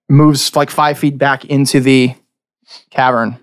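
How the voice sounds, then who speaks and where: A man narrating and ruling as game master of a tabletop game, quick and animated as he describes the scene. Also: medium pitch, smooth, no room sound, studio quality.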